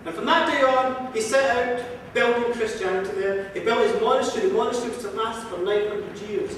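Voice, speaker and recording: A man's voice: high voice, fairly quick, a bit bright, slight background noise. A man telling an old folk tale in a lilting, rhythmic way, recorded with a distant mic in a museum hall. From Ireland. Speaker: storyteller. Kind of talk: live folk storytelling. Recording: echoey hall from far off.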